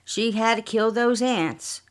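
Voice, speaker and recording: A quiet older husband with a falsely sweet, syrupy politeness, as a woman narrator voices him. He coos his lines gently, sly under the courtesy, like a character in a read-aloud mystery. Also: fairly high pitch, takes it slowly, smooth, voice pushed up.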